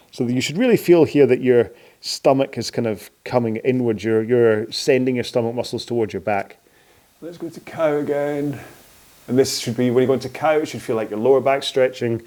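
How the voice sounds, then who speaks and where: A man's voice: mid-range voice, a little mellow. Man, fitness instructor, rambling chatty cues, close mic. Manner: chatty, rambling, laughs at his own slips. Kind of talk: follow-along workout instruction. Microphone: microphone close in front of his chin.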